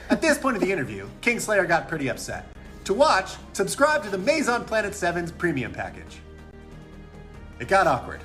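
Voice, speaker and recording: Guy doing a bubbly overeager gossip host, super animated voice, soft music under it. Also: sits high, moderate pace, pitched above the performer's own voice, full character voice. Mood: chirpy. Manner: bubbly announcer patter, overeager. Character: male gossip show host, chirpy and showy.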